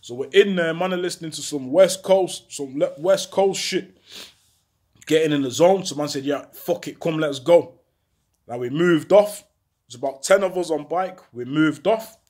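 A young man telling a street story in an animated, slang-heavy way, acting out other people's lines. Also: on the high side, normal speed. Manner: animated, slangy, acts out voices loudly. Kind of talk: casual storytelling to camera.

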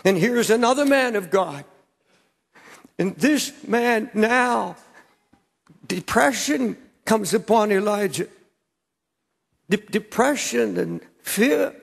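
A man's voice: high-pitched, lively intonation, takes it slowly, gravelly, long pauses, slightly rough. An older man, a pastor, preaching an impassioned sermon in a large church, repeating words as he presses his points. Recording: church hall with long reverb.

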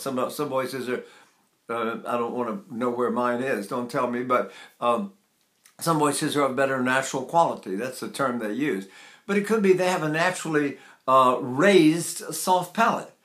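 Older male voice teacher, bright and ringing. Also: medium pitch, normal speed. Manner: rambling, demonstrative, breaks into sung vowels. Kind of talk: vocal lesson with sung demonstrations. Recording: echoey room.

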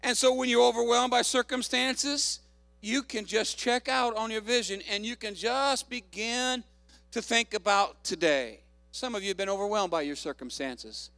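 A man pastor preaching a fervent sermon, calling out hallelujahs and shouting to the congregation. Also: very high-pitched, moderate pace, no room sound.

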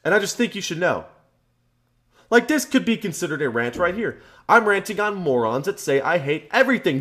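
Brief: male vlogger, profane ranter, high voice that swings wildly. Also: very animated, fairly quick. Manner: loud, profane, emphatic ranting. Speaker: channel host. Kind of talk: ranting vlog.

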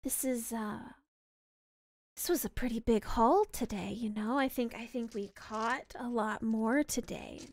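A woman's voice: fairly high pitch, unhurried, dry recording, voice pushed down. A woman voicing an airy-voiced hag who gloats over captives in a tabletop game. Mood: pleased.

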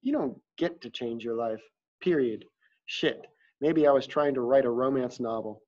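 A man's voice: mid-range voice, moderate pace, darkish tone. A man reading a first-person audiobook in a plain, confessional storytelling manner, in a dull lo-fi recording. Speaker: audiobook narrator.

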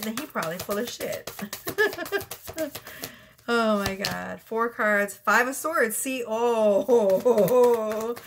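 A woman's voice: medium pitch, fairly bright tone. A woman reads tarot cards in a loose, chatty way, blunt and full of swearing, often breaking into laughter. Her voice sits in an everyday middle register. Faint noise hums behind her. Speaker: tarot reader. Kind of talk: casual tarot reading.

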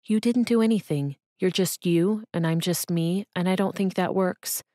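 A woman's voice: lowish voice, normal speed, warm tone, dry recording, studio quality, lightly acted. A woman voicing a cool, guarded young assistant. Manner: clipped, coolly professional.

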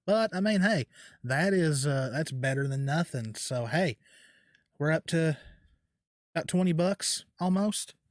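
Excitable man opening trading card packs. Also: on the high side, measured pace, no room sound, studio quality. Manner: excitable, gasping, near tears; talks to himself while sorting cards. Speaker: card unboxing vlogger. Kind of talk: casual unboxing commentary. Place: home at night, quiet. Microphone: desk mic.

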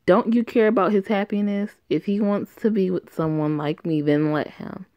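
A woman's voice: medium pitch, steady tone, moderate pace, dry recording, lo-fi sound, pitched above the performer's own voice, close to an everyday voice. A woman voicing a tomboyish teenage girl who speaks in a blunt, defiant way. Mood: earnest.

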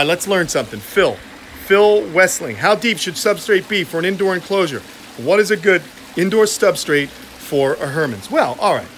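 A man's voice: sits high, a bit bright, a little hiss or hum. A man hosting a casual live stream outdoors by a pond, joking around and reading viewer comments. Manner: upbeat, joking, reads viewer comments aloud. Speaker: reptile channel host.

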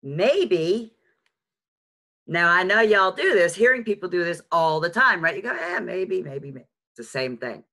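A woman with a heavy New York accent teaching a beginner sign language lesson on a video call, chatty and frank with joking asides. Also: on the low side. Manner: lively, chatty and frank, with quick asides and self-mocking jokes. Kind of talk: live online lesson. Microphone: video call microphone.

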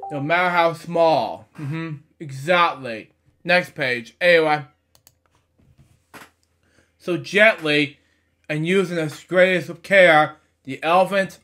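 A man's voice: on the high side, bright, forceful tone. A man reading a picture book aloud, stumbling over words, correcting himself and chatting between pages. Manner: stumbling reader, frequent fillers and self-corrections. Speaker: storybook reader.

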